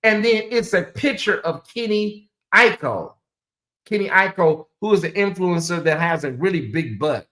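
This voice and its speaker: Hosting a relaxed livestream, this woman talks straight to her chat in a wandering, repetitive way. Her voice sits fairly low, with a touch of brightness, expressive delivery, and a moderate pace.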